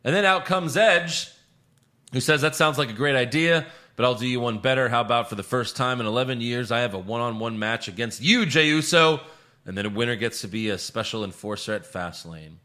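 A man co-hosting a casual chat podcast, recapping events in a loose, profane, animated way. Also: medium pitch, brisk. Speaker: podcast co-host recapping wrestling.

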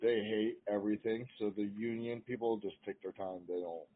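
Male guest with a lowish voice, loose filler-heavy explainer, phone-quality audio. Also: steady tone, fairly quick. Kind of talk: casual chat. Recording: tinny phone-like line.

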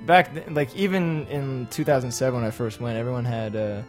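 A man on a podcast telling a story in casual chat, animated, laughing often and acting out the people he quotes. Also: medium pitch, brisk, faint music behind. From English-speaking foreigner living in Japan.

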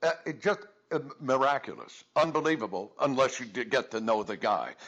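An older man, a former radio colleague, reminiscing as a guest in a halting way with many restarts and easy laughs. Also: medium pitch, lively intonation, a bit bright, highs cut off. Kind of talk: reminiscing phone-in interview.

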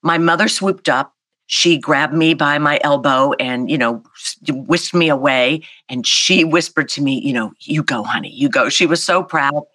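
A woman, telling a personal story as an interview guest in a lively, animated way. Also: low voice, a little slow, dry recording. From South Carolina, US. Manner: animated, vivid storyteller acting out voices. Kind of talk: storytelling in a conversation.

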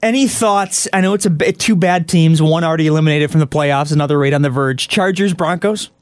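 High-voiced man, calm and agreeable. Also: brisk, dry recording, studio quality. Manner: calm, brief, agreeable replies. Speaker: sports betting podcast co-host. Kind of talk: casual sports betting chat.

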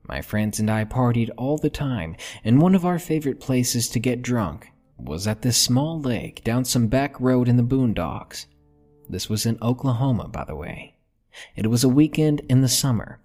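A man narrating a horror story in a slow, measured, hushed way. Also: medium pitch.

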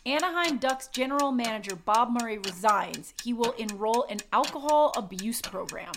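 A woman's voice: fairly high pitch, animated, moderate pace, noisy background. A woman co-hosting a sports podcast, chatting playfully and teasing her co-host. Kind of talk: casual sports chat.

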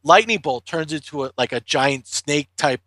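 A man's voice: fairly high pitch, animated, moderate pace, sharp tone, no echo. A man recapping a comic in casual chat, swearing constantly and rambling through fillers as he tells the story.

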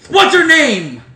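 A man putting on an old-timey 1930s wisecracking voice with high, brash, fast patter. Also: echoey room, full character voice.

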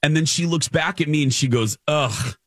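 A man's voice: on the high side, brisk, no room sound, clean studio sound. A man in his forties, a radio co-host, telling a personal story in casual chat and acting out the quotes. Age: 40s.

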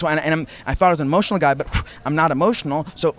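Fast-talking reflective man in his thirties. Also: fairly high pitch, a bit bright. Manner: rambling, reflective, says "man" and "dude" a lot. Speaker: podcast guest. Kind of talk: casual reflective conversation.

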